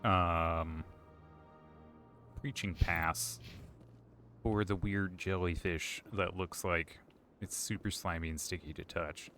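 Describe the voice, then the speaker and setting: A man's voice: sits low, fairly even intonation, takes it slowly, long pauses, sharp tone, faint music behind. A man giving casual, joking live-stream commentary while playing a game, rambling with restarts, drinking as he talks. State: drinking alcohol.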